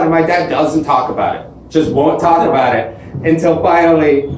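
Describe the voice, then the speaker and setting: A man's voice: a little high, brisk, a crowd in the background. Man, stand-up comedy, crude storytelling, echoey, distant from the mic. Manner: storytelling, crude punchlines, quotes his dad. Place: comedy club stage. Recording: echoey club, mic heard from afar. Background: audience laughter.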